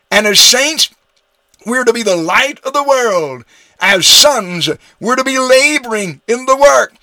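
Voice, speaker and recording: A man's voice: high voice, sharp tone, no echo. A man preaching a radio sermon, emphatic, his voice rising on key phrases. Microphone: studio radio microphone.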